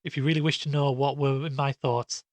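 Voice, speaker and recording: A man's voice: mid-range voice, flat delivery, a little fast, dry recording, natural voice. A man voicing an old male servant who speaks in a tremulous, rustic and formal way. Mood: earnest.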